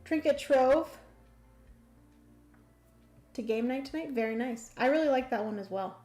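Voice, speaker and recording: Streamer host: chatty woman at home, somewhat high voice, unhurried delivery, easygoing commentary. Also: darkish tone, faint music behind. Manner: chatty, fills with hums and ums. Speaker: board game streamer. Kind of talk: casual livestream commentary.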